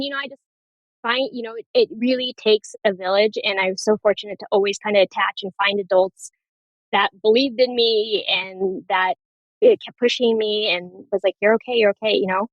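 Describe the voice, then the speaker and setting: A woman's voice: medium pitch, dry recording, highs cut off. A woman nurse practitioner speaking as a podcast guest, candid and storytelling, laughing often in casual chat.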